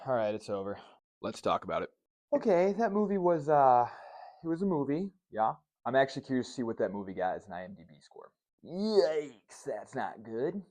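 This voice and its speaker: A man's voice: lowish voice, darkish tone, dry recording. A young man hosting a casual vlog, reviewing a movie and a cocktail with candid, sarcastic asides and frequent swearing. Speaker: host.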